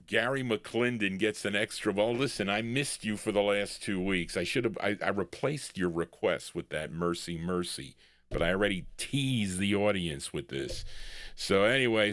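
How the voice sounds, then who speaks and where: Deep-voiced older man hosting a record show. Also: a bit bright, no room sound, studio quality. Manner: rambling, chatty, self-correcting. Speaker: radio show host. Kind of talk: casual DJ chat.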